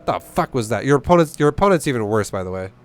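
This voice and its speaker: A man's voice: mid-range voice, very animated, quick pace, faint music behind. A young man giving blunt, profane, rambling coaching on a game. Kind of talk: casual game coaching commentary.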